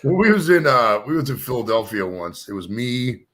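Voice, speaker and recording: An American painting stream host tells stories in casual chat, rambling, emphatic and swearing freely. His medium-pitched voice is very animated and a bit bright, moving at normal speed.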